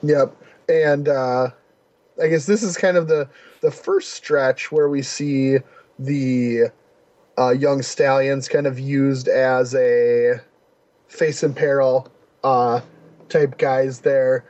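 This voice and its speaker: A man's voice: medium pitch, fairly even intonation, slow, darkish tone. A man co-hosting a casual podcast chat about wrestling, enthusiastic and rambling with fillers. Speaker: podcast co-host.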